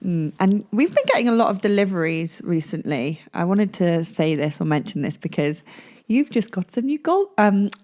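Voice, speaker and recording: A talkative woman co-hosting a podcast, keeping things light. Her voice sits at an ordinary middle pitch. She laughs easily and keeps firing off puzzled questions. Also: lively intonation, normal speed, a little mellow. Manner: chatty, laughs often, quizzical. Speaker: podcast co-host. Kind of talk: casual chat.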